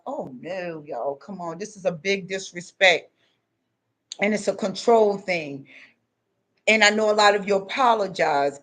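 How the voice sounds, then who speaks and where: An emphatic middle-aged woman delivers a casual advice monologue as a vlogger, sounding preachy and repetitive. Her voice is mid-range and a bit bright.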